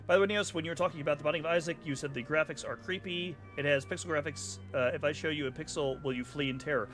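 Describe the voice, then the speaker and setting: Talking quickly in a slightly high, somewhat bright voice, this streamer gives casual let's-play commentary. Soft background music runs as he makes sarcastic jokes and rambles through the game's cutscenes.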